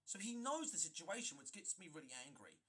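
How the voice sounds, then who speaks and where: A man recounting a story for his vlog, emphatic and often restarting his sentences. His voice is husky and fairly high, with a bright edge. His pitch swings widely as he talks. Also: a little fast. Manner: animated, emphatic, frequent restarts. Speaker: gaming video creator.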